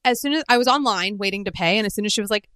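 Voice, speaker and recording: A woman's voice: medium pitch, rapid-fire, fairly bright tone, clear, resonant tone, no echo, studio quality. A young woman co-hosting a podcast, telling stories in casual chat, swearing freely and acting out what people said. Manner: swearing, storytelling, acts out quotes. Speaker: podcast co-host.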